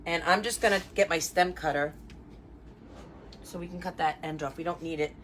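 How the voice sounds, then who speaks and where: Chatty lady doing a live wreath tutorial, lots of um and you know, slightly low voice. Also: fairly even intonation, moderate pace, a bit bright, a little hiss or hum. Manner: chatty and upbeat, many fillers and asides to viewers. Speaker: wreath designer and craft instructor. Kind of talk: live craft tutorial with viewer shout-outs.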